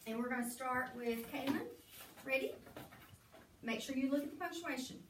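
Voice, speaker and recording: A woman's voice: high voice, moderate pace. A woman teacher running a reading lesson in a classroom, patiently prompting students to finish her sentences. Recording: echoey classroom, far from mic, faint noise.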